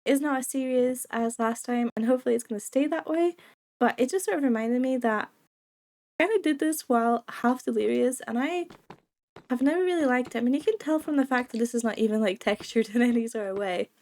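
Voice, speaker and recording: Speaking a little high, fairly quickly, and with a slightly mellow tone, a young woman narrates a let's-play while sick with a cold. She giggles, chats casually, and talks to the creatures in the game.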